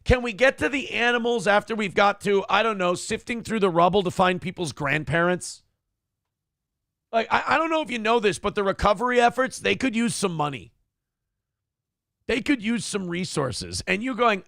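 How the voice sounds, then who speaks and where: Male morning show host, profane ranter, lively swinging pitch, close dry mic. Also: moderate pace, gravelly, no room sound. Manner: profane, exasperated, ranting. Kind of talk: casual talk show rant.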